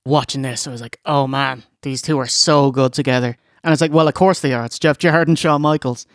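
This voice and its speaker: An Irish man co-hosting a casual wrestling review podcast, animated and fond of doing impressions. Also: medium pitch, fairly quick, no room sound, studio quality. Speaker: podcast co-host.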